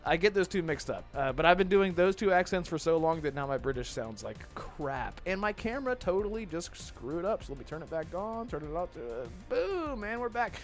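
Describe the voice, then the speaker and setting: A man's voice: on the high side, lively intonation, fairly quick, hardly any pauses. A man hosting a casual gaming podcast, talking in rambling stretches and thanking viewers in chat. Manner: rambling, with restarts and chat shout-outs. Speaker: podcast host. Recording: faint music behind.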